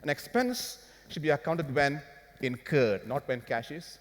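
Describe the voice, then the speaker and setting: A man's voice: a little high, big pitch swings, unhurried. A man voicing an old Italian male scholar with a mock Italian accent, decreeing rules in a mock-grave way. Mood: proclaiming. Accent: put-on Italian. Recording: long hall reverb.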